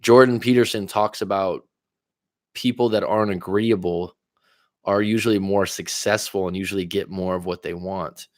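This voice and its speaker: A man's voice: low voice, fairly even intonation, dry recording, studio quality. A man coaching on relationships in a casual livestream, reading viewer comments aloud and answering with pointed questions, sometimes tripping over his words. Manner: admits talking fast after coffee, some stutters. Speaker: life coach and livestream host.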